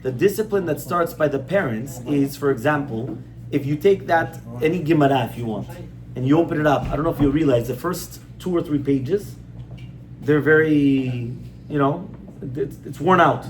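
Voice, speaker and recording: A man's voice: a little high, moderate pace, a little hiss or hum. Man teaching a class, conversational and firm. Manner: conversational, repeats points, asks audience rhetorical questions. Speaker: rabbi giving a class. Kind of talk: informal Torah class on parenting.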